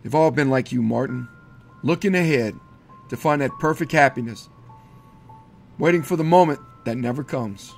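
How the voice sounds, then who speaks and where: A man's voice: medium pitch, normal speed, vocal fry, long pauses, faint music behind, pitched below the performer's own voice, lightly acted. A man voicing a sly grinning devil conductor. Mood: mocking.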